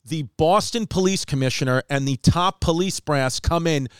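Male comic host, smooth resonant voice, dry close sound, animated raconteur. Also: fairly high pitch, normal speed, no room sound. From New York. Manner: animated storyteller, acts out quotes. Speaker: comedian podcast host. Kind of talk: casual storytelling chat.

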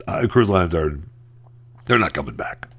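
A man's voice: animated, unhurried, a bit bright. A man hosting a podcast, talking in a casual, sarcastic commentary style with rambling restarts and mocking asides. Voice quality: deep gravelly voice. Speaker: podcast host.

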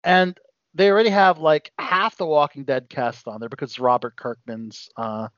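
A man's voice: on the high side, fairly even intonation, moderate pace, a bit bright, no echo. A man hosting a casual pop-culture podcast who rambles with many fillers and restarts. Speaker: podcast host. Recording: dull, dry lo-fi sound.

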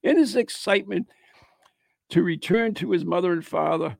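A man's voice: high voice, normal speed, vocal fry, dry recording. A man co-hosting a podcast, casually reading ghost stories aloud with joking, mock-grim asides. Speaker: podcast co-host.

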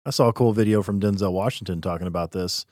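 A man co-hosting a podcast in casual conversation, agreeable and quick with short interjections. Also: sits low, darkish tone, dry recording, studio quality. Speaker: podcast co-host.

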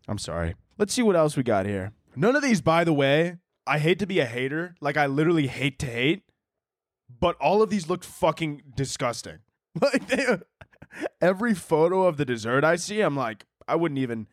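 A man's voice: a little high, big pitch swings, moderate pace, no echo, clean studio sound. A man hosting a solo comedy podcast, rambling crudely and joking with frequent restarts. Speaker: podcast host.

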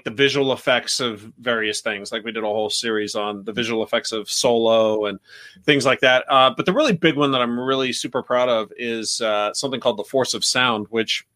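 A man's voice: mid-range voice, fairly bright tone. An American man, a journalist guest on a podcast, speaking casually and often repeating words as he gathers his thoughts.

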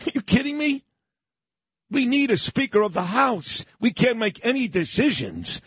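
A man hosting a morning talk radio show, loud, combative and ranting. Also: high voice, breathy edge, no echo. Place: radio studio.

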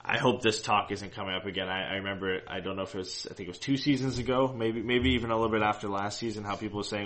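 A man's voice: on the low side, flat delivery, fast talker, few pauses, a bit bright. A man co-hosting a casual fan podcast, talking in loose rambling sentences full of restarts. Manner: rambling, many restarts and fillers. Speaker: co-host of a hockey fan show.

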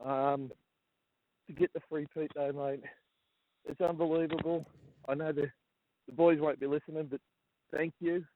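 Emotional Australian caller on a phone line. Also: male voice, on the high side, steady tone, a little hiss or hum. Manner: emotional, halting, repeats himself. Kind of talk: phone-in chat. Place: outdoors walking a dog.

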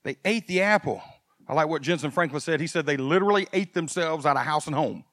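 A male pastor preaching a sermon, animated and swinging from quiet folksy asides to loud emphasis. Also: fairly high pitch, quick pace, no room sound, studio quality.

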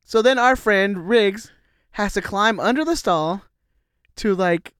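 A man co-hosting a casual podcast, telling anecdotes in a relaxed way and laughing now and then. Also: sits high, takes it slowly, clean tone, no room sound, clean studio sound. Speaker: podcast co-host. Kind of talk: casual chat.

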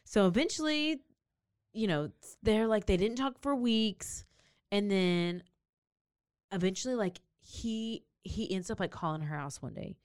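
A woman's voice: medium pitch, unhurried, smooth, dry recording, clean studio sound. A woman co-hosting a podcast, telling a true-crime story casually and acting out the people in it. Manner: animated, acts out characters with big swings in voice. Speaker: podcast co-host.

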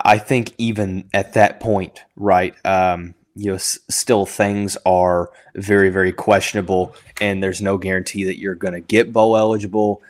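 A man hosting a sports podcast, thinking out loud with lots of fillers and restarts, who has the hiccups. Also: deep voice. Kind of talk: casual sports analysis podcast.

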